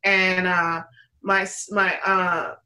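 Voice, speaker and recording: A woman's voice: fairly low pitch, little pitch movement, slow, bright, forceful tone, poor audio. A woman guest in an interview, telling her story in a casual, chatty way with many fillers and restarts, acting out what others said. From United States. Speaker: interview guest, pizza business owner.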